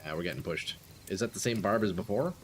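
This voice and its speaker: A young man with a low voice talks fast while streaming a video game, giving live gameplay commentary. He chats with other players and calls them bro and brother, with steady noise behind his voice.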